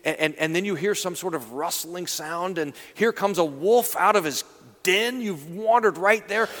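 A male pastor gives a sermon in an earnest storytelling voice. He slows and softens on key lines. His voice sits a touch high, and a long church reverb follows it. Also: animated. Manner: earnest storytelling, drops to slow and soft for emphasis.

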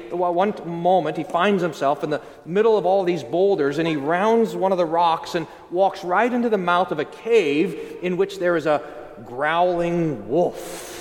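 A man's voice: a little high, big-room sound. A man preaching as a pastor in a church, telling a story with animation and speaking earnestly. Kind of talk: sermon.

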